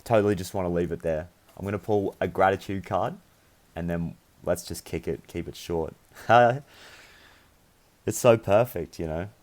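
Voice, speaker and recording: A man's voice: low voice, moderate pace, a little mellow. A young man giving an earnest, meandering spiritual tarot reading, speaking encouragingly to his viewers. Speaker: tarot reader.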